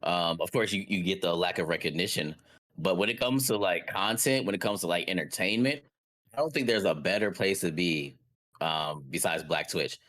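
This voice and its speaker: A man co-hosting a casual podcast chat, laid-back and measured as he gives his view. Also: low voice, fairly bright tone. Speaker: podcast co-host.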